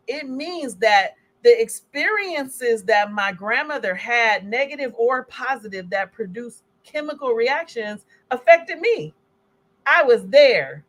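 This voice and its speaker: A woman presenting slides as a health educator, speaking in a conversational, animated way and acting out little scenes. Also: mid-range voice. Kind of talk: presentation talk.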